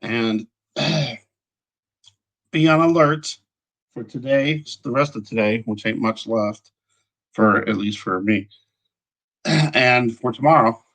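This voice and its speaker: A man hosting a casual livestream, rambling as he checks his audio, greets viewers by name and often clears his throat. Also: mid-range voice, slow pace, pauses often, fairly bright tone, low-quality recording. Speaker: livestream host.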